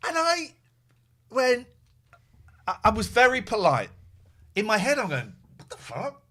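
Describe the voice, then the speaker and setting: A man hosting a podcast, telling a long story with a lively voice that swoops up and down. He acts out the people he quotes and keeps restarting and correcting himself along the way. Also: high voice, a little slow. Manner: animated, acts out quoted dialogue in other voices; rambling with restarts and self-corrections. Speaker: podcast host. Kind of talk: casual storytelling chat.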